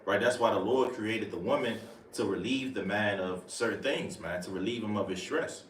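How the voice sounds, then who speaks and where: A man's voice: lowish voice, moderate pace, a bit bright. A man teaching scripture in a casual preaching style, repeating verses and asking "right?" after each point. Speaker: teacher leading scripture study. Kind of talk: street-preaching bible lesson. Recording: echoey room, mic far off, faint noise.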